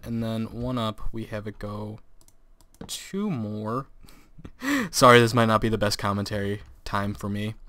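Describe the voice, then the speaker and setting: A man's voice: lowish voice, a bit bright. A teenage boy giving casual gameplay commentary, rambling through a story and laughing often. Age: teens.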